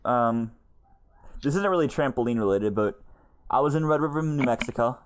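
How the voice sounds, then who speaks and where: A young man co-hosting a casual podcast chat, telling animated stories and laughing often. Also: medium pitch, normal speed, a little hiss or hum. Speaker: podcast co-host. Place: lives in Texas.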